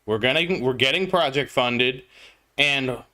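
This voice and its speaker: A man's voice: mid-range voice, unhurried, pushed and bright. A man streaming a mobile game, chatting casually as he plays and greeting viewers in chat by name. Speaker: gaming livestreamer. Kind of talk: casual gameplay commentary.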